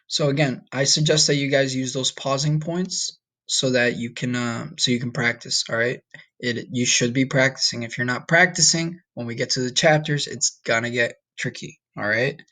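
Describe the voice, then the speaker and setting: A man's voice: mid-range voice, fairly even intonation, sharp tone. A man teaching a recorded online Spanish lesson in a casual way, often checking in with "okay?" and "all right?". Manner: slow, drawn-out modeling of Spanish words.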